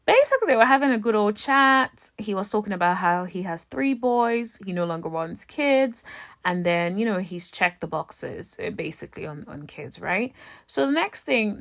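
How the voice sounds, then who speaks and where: A woman gives a casual recap of a reality dating show in a sassy, animated way, peppering her talk with "honey". Her voice sits at a mid pitch. It is recorded dry and close, with no room sound. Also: dry recording.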